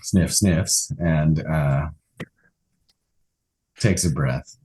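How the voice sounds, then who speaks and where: Very deep, breathy-husky player. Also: male voice. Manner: calm and deliberate, asks rules questions. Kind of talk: tabletop game play.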